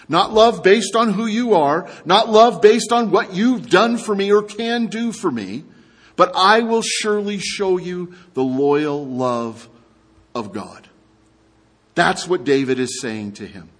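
A man preaching an expository sermon, animated and speaking straight to his listeners. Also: high voice, husky. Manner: animated, addresses the audience directly. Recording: long hall reverb.

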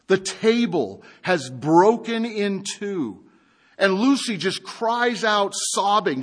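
A man preaching a sermon, retelling a story with animated rhetorical questions to his congregation. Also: high voice, takes it slowly. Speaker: pastor.

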